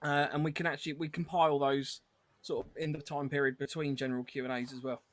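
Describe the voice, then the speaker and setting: A man's voice: a little high, quick pace. A man hosting a podcast, chatting casually and rambling with lots of ums. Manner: relaxed, rambling, with frequent ums. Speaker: podcast host.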